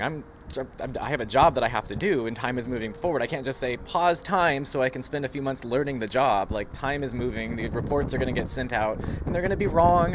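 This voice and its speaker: A man's voice: mid-range voice, a little hiss or hum. A young man talking casually to camera, musing about himself in a rambling way and laughing at his own habits. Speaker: vlogger. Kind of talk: casual reflective monologue.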